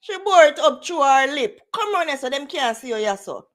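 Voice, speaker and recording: A woman's voice: sits high, very animated, normal speed. A Jamaican woman in her forties hosting a casual livestream chat, slipping into patois and laughing often. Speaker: livestream host.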